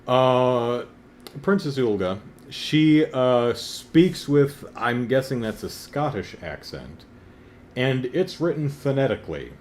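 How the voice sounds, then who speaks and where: A man's voice: medium pitch, expressive, slow, darkish tone, slight background noise. A man in his thirties talking casually in a wry, self-deprecating way, sometimes building up to exasperated emphasis. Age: 30s. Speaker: comic book reviewer. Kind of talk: casual vlog commentary.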